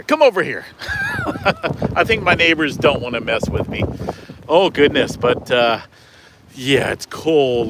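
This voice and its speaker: A man films himself outside in the falling snow and rambles excitedly into a handheld camera, with lots of "uh"s and happy exclamations. His voice has a bright, forceful edge. Faint background noise sits behind him. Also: mid-range voice. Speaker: weather channel host. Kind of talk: casual on-the-spot weather vlog. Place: outdoors in falling snow beside his car, rural neighborhood.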